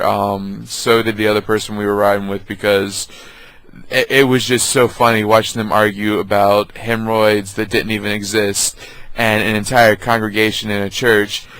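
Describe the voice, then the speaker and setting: A man telling family stories on his vlog, casual and halting with many ums. His voice is low and fairly flat. The sound is dry and close. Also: dry recording, poor audio. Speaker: vlogger. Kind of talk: casual storytelling.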